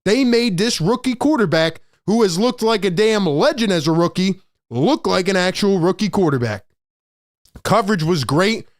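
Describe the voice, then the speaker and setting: A man hosting a postgame sports show, ranting excitedly, acting out players and breaking into shouted bursts. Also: high-pitched, moderate pace, no room sound, clean studio sound. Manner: animated, shouting bursts, acts out players' voices.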